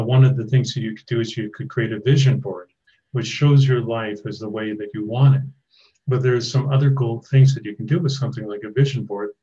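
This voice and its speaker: Mellow-voiced man explaining advice. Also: mid-range voice, lo-fi sound. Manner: conversational, explanatory. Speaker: guest expert. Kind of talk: podcast interview.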